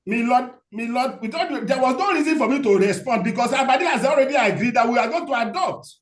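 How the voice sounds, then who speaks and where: A man's voice: extremely high pitch, lively intonation, fast. A man, a lawyer addressing the court, stammering and apologetic. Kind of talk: courtroom proceedings. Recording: roomy courtroom echo.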